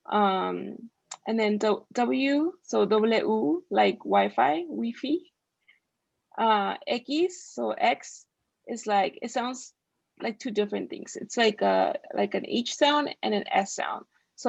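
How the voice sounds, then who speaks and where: A young woman leads a casual online Spanish lesson over a video call, her voice gravelly with some vocal fry. She leans on "like" and "um" as she talks, and the sound is dry and close. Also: mid-range voice, no room sound, highs cut off. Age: young adult. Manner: many fillers like "like" and "um". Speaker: student Spanish tutor.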